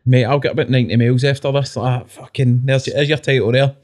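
A man's voice: mid-range voice, fairly even intonation, quick pace, a little mellow. A man hosting a podcast in casual chat, mostly giving short, laid-back agreeing replies. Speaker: podcast host.

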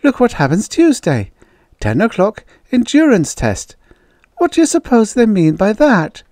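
A man voicing an anxious young pageant contestant. She sounds fretful and plaintive, pitched high with a lively lilt. Dry, close sound. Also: a little slow, no echo, exaggerated voice.

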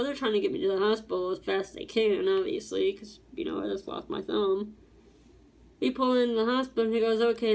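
A woman's voice: mid-range voice, darkish tone. Rambling woman telling a personal story. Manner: rambling, repeats words and restarts, acts out quotes. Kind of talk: casual storytelling vlog.

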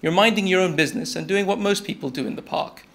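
A man's voice: sits high, quick pace, a bit bright. A young man giving a TED-style talk, telling a story in a conversational way and speaking to the audience directly.

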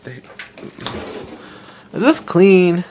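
A man's voice: high-pitched, sing-song, very slow. A teenage guy filming his friends, teasing them with joking, mocking banter. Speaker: video maker filming friends. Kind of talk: casual teasing chat. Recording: noisy home video.

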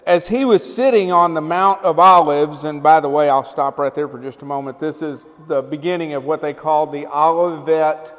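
A man's voice: fairly high pitch, fairly even intonation, moderate pace, few pauses, a bit bright. A male pastor preaching a sermon in a loose, conversational way, often checking in with the congregation. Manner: conversational, keeps asking the congregation "right?" and "amen?". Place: church sanctuary. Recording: long church hall reverb.

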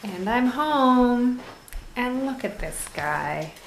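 A woman's voice: on the high side, lively intonation, very slow. A woman co-hosting a casual home vlog, playful and teasing as she chats at home in the kitchen. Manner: playful, teasing, laughs often. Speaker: baker and vlog co-host. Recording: roomy home recording with background music.

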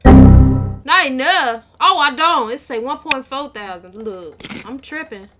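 A woman's voice: high voice, lively intonation, slow pace, over loud music. A woman co-hosting a gaming channel, giving playful, boastful trash talk as she plays. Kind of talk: casual gameplay commentary.

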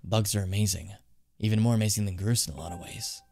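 A man voicing a shy, eager young man obsessed with collecting bugs, reading game dialogue aloud in a low, confiding tone. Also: steady tone, fast, gravelly, darkish tone.

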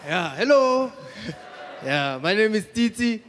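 A man's voice: high-pitched, big pitch swings, slow pace, fairly bright tone, some chatter behind, slight background noise. A man from South Africa with a South African accent, doing a casual stand-up comedy set, chatty and laughing at his own jokes.

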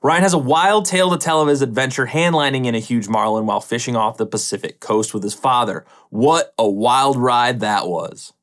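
A man, the podcast host, reading a scripted introduction with a smooth, teasing delivery. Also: mid-range voice, moderate pace, few pauses, a bit bright.

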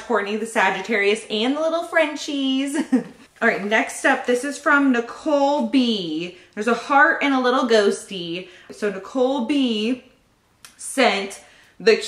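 A pregnant young woman vlogs for YouTube, unboxing gifts in a casual chat full of giggles, gushing, and frequent laughter. Her voice is a little high and somewhat bright, and the recording has a roomy echo.

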